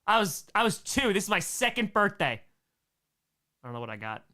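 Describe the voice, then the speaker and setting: A man hosting a live stream, reacting to his own home videos with excitable, self-mocking jokes. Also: high-pitched, brisk. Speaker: streamer host.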